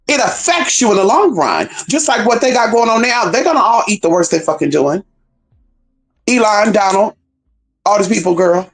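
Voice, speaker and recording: A spiritual teacher preaching on a stream, full of cursing and shouted call-outs, who slows down to read scripture aloud. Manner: call-and-response exclamations, heavy cursing, swoops between high cries and low asides; reads scripture slowly and drawn out. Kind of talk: freewheeling profane preaching.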